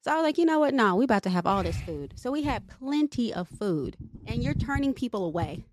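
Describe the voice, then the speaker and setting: A woman's voice: fairly high pitch, big pitch swings, a little fast, background noise. A young woman co-hosting a podcast, venting in casual chat and swearing freely. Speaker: podcast co-host.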